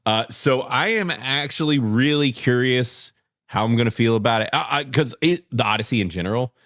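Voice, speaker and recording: A man's voice: medium pitch, normal speed, fairly bright tone, no echo, lo-fi sound. A Southern man from near Charlotte hosting a live-stream podcast, rambling, swearing freely and laughing often. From near Charlotte, North Carolina. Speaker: podcast host. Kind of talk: casual live-stream chat.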